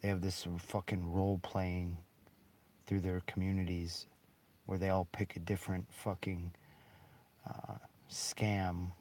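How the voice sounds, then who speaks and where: A man's voice: low-pitched, level tone, a little slow, pauses often, darkish tone, a little hiss or hum. A man in a rambling, bitter monologue, swearing heavily and breaking into short laughs. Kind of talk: angry monologue.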